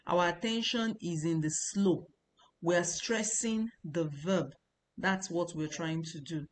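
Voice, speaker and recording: A woman's voice: fairly low pitch, unhurried. A woman teaching a language lesson, explaining patiently and repeating points with casual fillers.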